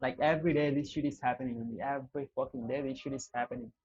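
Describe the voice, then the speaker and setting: A man in the middle of his pitch range talks straight to his stream chat, swearing constantly and calling them "dude" and "bro" in an exasperated way. His voice is husky, and he is smoking a cigarette as he speaks. The audio is muffled and lo-fi. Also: steady tone, fast talker, a little mellow. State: smoking a cigarette while talking. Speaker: live trading streamer. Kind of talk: live-stream commentary to chat.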